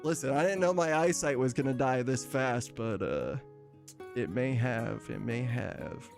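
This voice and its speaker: A man's voice: medium pitch, measured pace, vocal fry, soft background music. A man streaming casually, chatting with his viewers, laughing often and reading out their messages. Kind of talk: casual live-stream chat.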